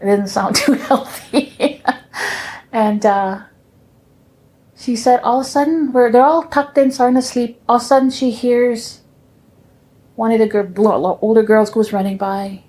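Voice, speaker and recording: A woman telling her family's stories in a gentle, unhurried way, with soft pauses. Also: a little high, fairly even intonation. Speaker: storyteller.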